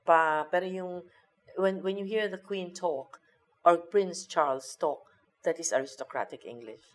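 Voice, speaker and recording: A woman's voice: fairly low pitch, measured pace. A woman comedian telling stories as an interview guest, switching between Tagalog and English. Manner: animated storytelling, mixes Tagalog and English. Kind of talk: casual chat.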